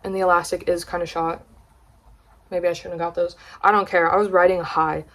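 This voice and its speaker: A young woman from the United States, chatting excitedly in a casual haul vlog, gushing and swearing casually. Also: on the low side, fairly quick. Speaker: vlogger.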